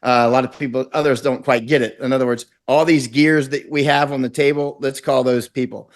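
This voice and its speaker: This middle-aged Florida man, a war correspondent, guests on a conversational interview with a brisk, steady-toned, medium-pitched voice. He rambles intensely and performs quotes as he talks.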